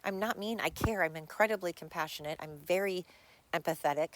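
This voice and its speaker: A woman's voice: on the low side, brisk, dry recording. A woman hosting her own podcast, talking bluntly and candidly in a rambling solo monologue. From United States. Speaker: podcast host.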